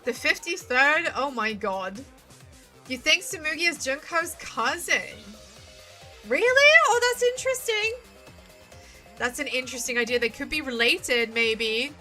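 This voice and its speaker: High, lively woman ranting at a game. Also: measured pace, faint music behind. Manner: exasperated ranting, swearing, pleading at the game. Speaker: streamer playing a visual novel. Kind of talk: live let's-play commentary.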